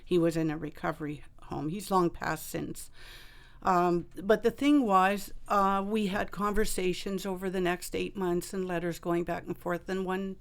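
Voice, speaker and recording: A woman author telling a personal story in a radio interview, halting and full of fillers and restarts. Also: on the low side, fairly even intonation, vocal fry. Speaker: author and guest.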